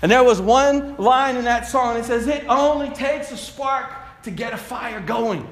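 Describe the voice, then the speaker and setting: A middle-aged man preaches with a strikingly high voice. He swings from loud, pressing shouts to low, quiet asides to drive his points home. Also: measured pace. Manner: preachy, builds to shouts then drops low. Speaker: pastor. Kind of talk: sermon.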